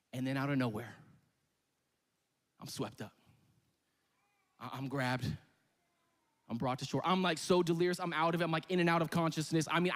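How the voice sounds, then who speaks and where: A young adult man telling a comic, animated story as part of a sermon, at times shouting. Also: on the high side. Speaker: pastor. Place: church hall. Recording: long hall reverb.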